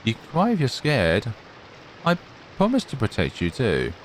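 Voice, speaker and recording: A man's voice: medium pitch, huge pitch swings, normal speed, a little hiss or hum, poor audio. A man reading the lines of a frightened young girl who pleads and calls for help in a horror game. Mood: reassuring.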